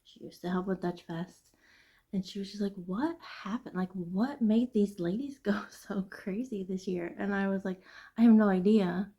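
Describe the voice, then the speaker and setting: A woman hosting a casual knitting vlog, chatting and venting in an animated, chatty way. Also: medium pitch, moderate pace, slightly rough. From Midwest United States. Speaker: knitting podcast host. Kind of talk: casual chat.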